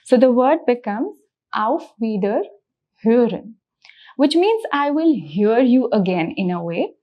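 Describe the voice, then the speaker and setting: A woman teaching a beginner language lesson, explaining slowly and patiently and repeating each example. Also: fairly high pitch, expressive, highs cut off.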